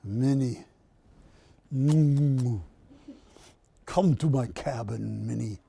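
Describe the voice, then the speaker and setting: A man voicing an amorous male cartoon mouse, wooing in a low, crooning put-on voice. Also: drawn-out words, vocal fry, dark tone, husky, dry recording, full character voice.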